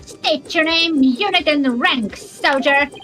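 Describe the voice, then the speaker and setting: A pint-sized military drone bellows orders in a shrill, high register, as a woman puts the voice on. It barks insults at its recruits like a gruff drill sergeant, bossy and relentless. Game music plays clearly underneath. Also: slow. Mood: barking orders. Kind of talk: fan voice-over of a game.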